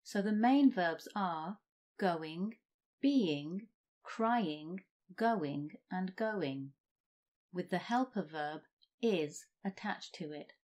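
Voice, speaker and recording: A woman teaching English grammar, reading example sentences slowly and deliberately. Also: on the low side, lively intonation, a little mellow. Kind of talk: slow scripted grammar lesson.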